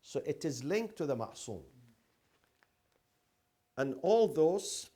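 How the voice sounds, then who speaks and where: A man teaches a classroom lecture. He keeps asking the class questions and repeats each key term several times, and his pitch swings widely. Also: big pitch swings, slow pace, dark tone.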